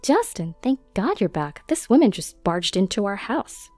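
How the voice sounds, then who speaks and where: A woman voicing an indignant young woman who finds out she has been deceived, protesting in a shrill voice. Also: very animated, normal speed, darkish tone, dry recording, faint music behind.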